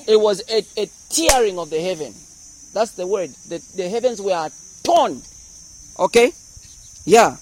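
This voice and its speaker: A man preaching a sermon, animated and humorous as he explains scripture. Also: high-pitched, measured pace, pauses often, poor audio. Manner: animated, explains verses with humor and acted-out voices. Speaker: pastor.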